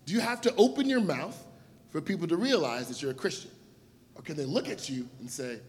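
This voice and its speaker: A young man gives a casual sermon to a youth group. His voice sits a bit high and swings widely as he acts out little scenes. He slips into funny voices for the people in his stories. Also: expressive, a little fast, slight background noise. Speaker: youth pastor.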